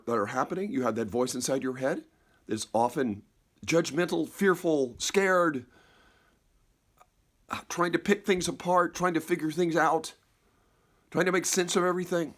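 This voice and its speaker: A man telling a personal story in a slow, reflective way, halting and repeating words and dropping softer at key moments. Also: fairly high pitch. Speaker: speaker.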